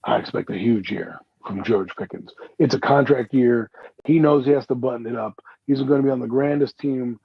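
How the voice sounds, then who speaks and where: A man's voice: medium pitch, normal speed, vocal fry, breathy edge, no echo. A man co-hosting a podcast in casual sports talk. He speaks emphatically, swears casually, and keeps checking in with "okay?" and "right?". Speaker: podcast co-host. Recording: dull lo-fi sound.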